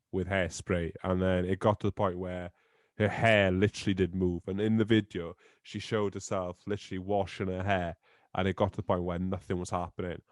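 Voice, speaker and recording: A young man with a fairly low voice chats with friends on a podcast. He tells teasing stories in an animated way. The sound is dry and close. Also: no room sound. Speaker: podcast co-host. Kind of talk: casual chat among friends.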